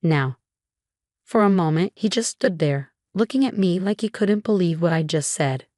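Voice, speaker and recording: A young woman tells a dramatic first-person story with steady, scripted delivery. Her voice sits on the low side, and the recording is dry and close, with no room sound. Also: normal speed, no echo. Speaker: story narrator.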